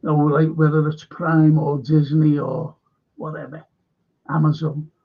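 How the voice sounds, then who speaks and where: A man's voice: a little high, flat delivery, unhurried, slightly rough. A man hosting a live stream, rambling bluntly and swearing often. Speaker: show host. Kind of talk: casual live-stream chat. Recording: dull lo-fi stream audio.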